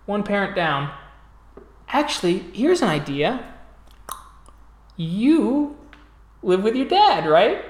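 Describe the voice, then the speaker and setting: Game master playing a smooth suited villain. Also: male voice, high-pitched, takes it slowly, long pauses, roomy sound, pitched above the performer's own voice, exaggerated voice. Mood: calm menace. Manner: calm, businesslike menace. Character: smooth menacing male villain in a suit.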